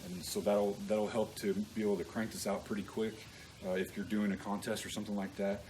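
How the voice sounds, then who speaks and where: A man walking through a recipe in a relaxed, folksy way, with plenty of ums and restarts. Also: on the low side, a little fast, slight background noise, poor audio. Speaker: cook team captain demonstrating a recipe. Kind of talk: casual cooking demonstration. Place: outdoor grill setup.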